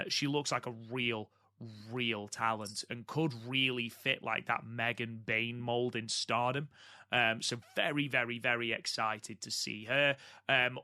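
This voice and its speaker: A man's voice: medium pitch, sharp tone, dry recording, studio quality. A man co-hosting a podcast in casual chat, enthusiastic and prone to repeating words for emphasis. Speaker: podcast co-host.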